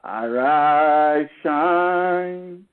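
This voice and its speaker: A male preacher slowly chanting a blessing, drawing out each word. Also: on the high side, clean tone. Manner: slow, drawn-out declarations. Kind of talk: chanted blessing over music. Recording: phone-like radio sound.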